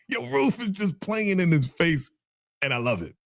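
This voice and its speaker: A man hosting a casual TV recap chat, animated and laughing often, acting out the characters' dialogue. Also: a little high, unhurried, pauses often, breathy edge, no room sound, clean studio sound. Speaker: podcast host.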